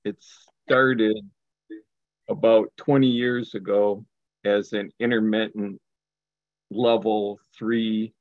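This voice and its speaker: A low-voiced man speaking very slowly and politely. The sound is dry and dull, with no room around it. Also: little pitch movement, no room sound. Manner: slow, formal and polite. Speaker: caller. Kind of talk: live call-in participant.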